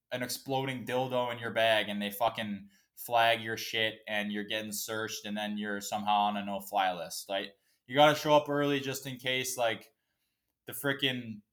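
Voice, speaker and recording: A man's voice: medium pitch, a bit bright. A man hosting a casual solo podcast, ranting in a profane, emotional, fired-up way. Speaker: podcast host.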